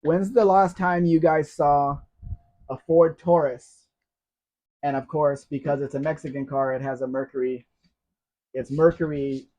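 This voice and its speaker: A slightly high-voiced man with a dark tone hosts a casual live Q&A, talking and reading viewers' comments aloud. He's an American from the United States, and the recording has a dull, lo-fi quality.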